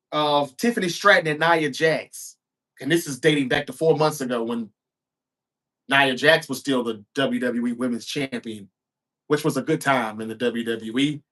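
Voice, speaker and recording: A man's voice: a little high, a bit bright. A man hosting a show, recapping a wrestling episode in a casual, chatty way with offhand asides.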